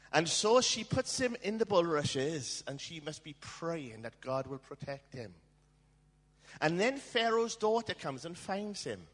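A man's voice: a little high, fairly bright tone. A male preacher telling a story in a sermon and asking the audience questions, in an echoey hall.

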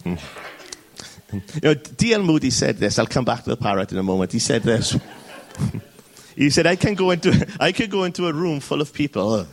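Lively preacher man checking in often. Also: mid-range voice, fairly quick. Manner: lively, jokey, frequent "okay?" check-ins. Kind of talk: sermon. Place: church service.

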